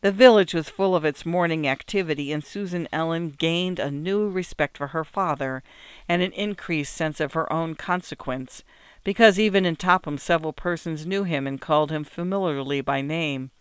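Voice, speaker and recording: A man narrating an old-fashioned storybook in a gentle, even, unhurried reading voice. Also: on the high side, clean tone, no room sound. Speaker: audiobook narrator.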